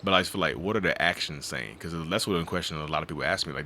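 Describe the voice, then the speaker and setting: A man talking as a podcast guest in an animated, casual way, often slipping into voices to act out what people say. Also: a bass voice, racing, a little hiss or hum. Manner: animated, slips into acted voices. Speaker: podcast guest, mental health advocate.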